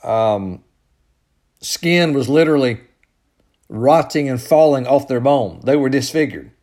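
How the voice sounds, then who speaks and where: Man, pastor, sermon, unhurried delivery, loud peaks and quiet drops. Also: expressive. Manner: builds to loud emphatic peaks, then drops low and soft.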